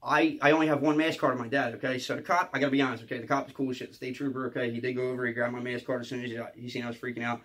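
Man, rapid talk, rambling profane storytelling, mid-pitch. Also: flat delivery, a bit bright. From Philadelphia area. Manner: rambling, profane, tags lines with "okay?". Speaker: comedian. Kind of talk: storytime monologue.

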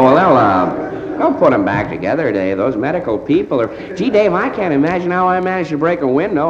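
A man doing a stand-up comedy monologue as one side of a phone call, rambling groggy and sheepish with constant stammers and hesitations. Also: a little high. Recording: roomy, dull, hissy old vinyl live recording.

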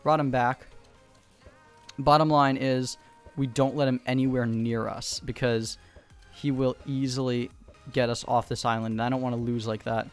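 A man giving fast, excitable gameplay commentary from home, repeating short calls in quick bursts. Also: mid-range voice, soft background music. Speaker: gaming YouTuber. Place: home room.

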